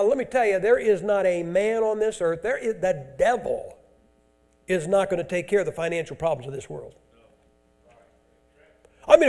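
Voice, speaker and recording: Man preaching, high voice, mellow tone, blunt and emphatic. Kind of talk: sermon.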